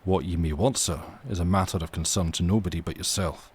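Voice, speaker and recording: A man's voice: low-pitched, steady tone, a little fast, breathy edge. A man doing a dour sea captain. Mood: stern. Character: gruff stern Scottish ship captain, dour.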